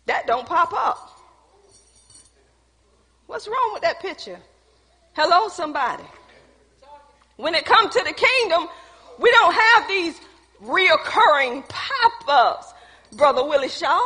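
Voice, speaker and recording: A woman preaches a lively sermon, laughing and calling out to the people in front of her. Her voice sits very high and bright. A long reverb from the church hall trails behind her words. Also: unhurried, long pauses. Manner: calls out to the congregation, laughing, playful.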